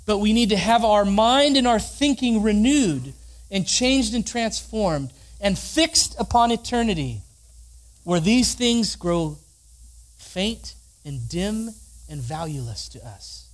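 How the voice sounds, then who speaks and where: A man's voice: high-pitched, animated, slow. A man preaching a sermon, reading scripture aloud and leading the congregation in spoken responses. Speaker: pastor.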